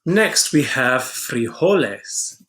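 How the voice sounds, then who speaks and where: Slow, patient male Spanish teacher. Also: mid-range voice, expressive, a bit bright. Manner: patient, slow and clear, repeats words for students. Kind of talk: classroom-style vocabulary lesson.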